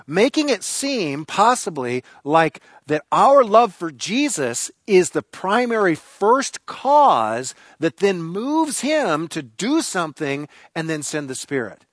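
A man's voice: high voice, sing-song, slow, few pauses, no room sound. A man preaching a sermon, emphatic and repeating key phrases for stress. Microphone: recorded for online viewers.

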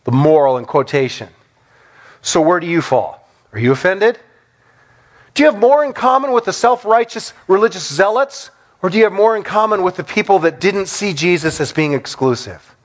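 Pastor, male, high and animated voice; emphatic, repetitive sermon delivery. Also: normal speed. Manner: rising to emphatic, repeated declarations.

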